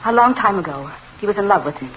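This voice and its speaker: A woman's voice: medium pitch, expressive, fast talker, slight background noise, natural voice, rough recording. A woman playing an emotional, defensive widow in a 1940s radio drama, breathless and pleading. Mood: distraught.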